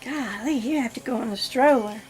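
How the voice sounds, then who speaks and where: A doll collector vlogger with a high, unhurried voice gushes and giggles while unboxing in a home nursery, addressing both her viewers and the doll in this casual vlog. Birds chirp in the background over faint noise.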